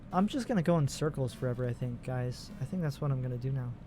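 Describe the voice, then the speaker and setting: A man's voice: mid-range voice, dark tone. A man in his twenties giving casual, profane, rambling commentary while playing a video game. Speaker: let's play host.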